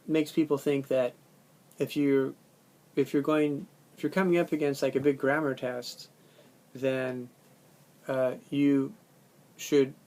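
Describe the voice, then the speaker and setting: A man's voice: mid-range voice, a little mellow. A man teaching a language course, lecturing in a conversational way and explaining ideas with spoken examples. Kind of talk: recorded classroom lecture.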